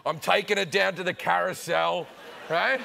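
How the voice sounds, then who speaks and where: A man with an Australian accent, a comedian telling an animated anecdote on a talk show. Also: sits high, normal speed, gravelly, a little hiss or hum. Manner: animated storytelling, acting out voices. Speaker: comedian guest.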